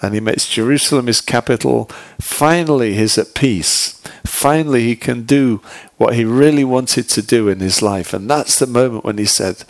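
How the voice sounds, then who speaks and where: A man's voice: mid-range voice, moderate pace, hardly any pauses, dry recording. A man preaching a sermon in a conversational, storytelling way, using many "you know"s and asking his listeners direct questions. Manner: retells a joke in a relaxed way.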